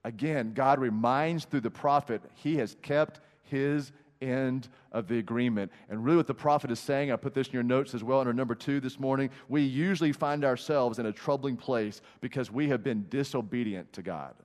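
Preacher in a reverberant hall. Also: male voice, mid-range voice, darkish tone. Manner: emphatic, repetitive preaching with dramatic pauses. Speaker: pastor. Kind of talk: sermon. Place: large church sanctuary.

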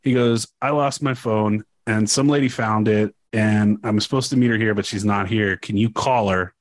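A man's voice: fairly low pitch, moderate pace, no echo. Laid-back man telling a rambling story. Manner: rambling, animated retelling with quoted voices and laughs. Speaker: podcast co-host. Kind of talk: casual storytelling chat.

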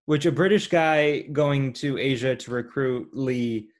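A man's voice: mid-range voice, measured pace. Man, casual chat, laid-back, explains patiently, everyday voice. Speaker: podcast co-host discussing a film.

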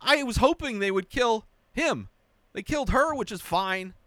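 This young man talks at a normal pace with no echo as he casually reviews a movie aloud. He mocks it with plenty of animation, occasionally switching to a high, whiny imitation of the characters.

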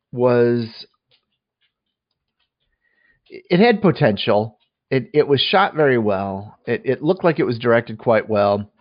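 A man's voice: medium pitch, no echo, highs cut off. A man casually reviewing a movie on a podcast, talking in a rambling way with many restarts and fillers.

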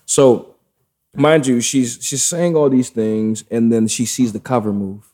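A man telling a story in casual chat, animated and profane, with loose street slang. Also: medium pitch, measured pace.

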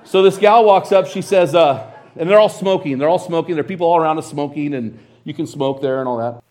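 A middle-aged American man preaching a sermon, telling a story in a lively, conversational way and quoting scripture. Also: on the high side, brisk. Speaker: pastor.

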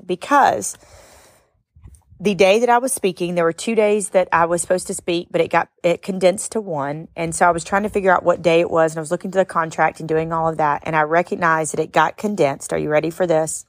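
A middle-aged woman hosts a podcast and tells a heartfelt personal story, getting tearful and breaking into high exclamations. Her voice sits a little low. The sound is dry and close, with no room echo. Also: a little fast. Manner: expressive, tearful at times, rising to high exclamations. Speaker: podcast host and speaker. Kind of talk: emotional storytelling monologue.

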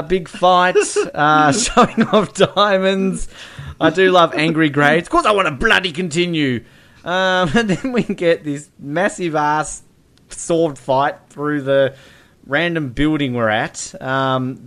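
A man's voice: a little high, fairly bright tone. A man co-hosting a casual film review chat, rambling with many ums and slipping into playful impressions. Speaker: podcast co-host.

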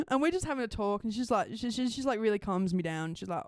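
A young Australian woman co-hosting a podcast and telling a story in casual chat. She talks in an animated way, laughs often and swears freely. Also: medium pitch, fairly quick, clean tone, no room sound, studio quality. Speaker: podcast co-host.

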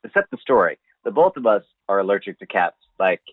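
Low-voiced man telling a story over a phone-like line. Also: brisk, no room sound. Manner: animated, swearing, acts out his own quotes. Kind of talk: casual storytelling. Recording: dry, phone-like sound.

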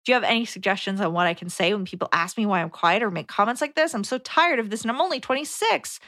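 Bright-voiced young woman podcaster. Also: mid-range voice, fast talker, no echo, clean studio sound. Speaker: podcast co-host. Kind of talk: casual chat, reading a listener letter.

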